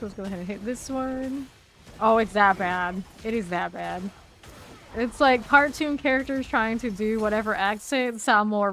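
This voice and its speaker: A woman's voice: medium pitch, fairly bright tone, a little hiss or hum. A woman with a mild Southern American accent, streaming a game and chatting casually with viewers, teasing and laughing often as she plays. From Southern United States. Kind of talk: casual gameplay commentary.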